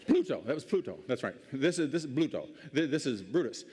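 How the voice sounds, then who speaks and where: A man's voice: medium pitch, lively intonation, fast talker, a little mellow, in a large hall, a little hiss or hum. A man preaching a sermon, retelling Bible stories in a folksy, joking way with everyday slang. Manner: folksy and humorous, retells scripture in modern slang. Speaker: preacher, former congressman.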